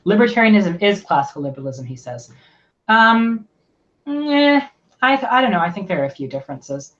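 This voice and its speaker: A woman chats on a livestream over muffled, lo-fi audio. Her pitch swings widely, and she laughs often while searching for her words. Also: very animated, moderate pace. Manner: laughs often, hesitant, lots of "like". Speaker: livestream co-host. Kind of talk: casual livestream chat.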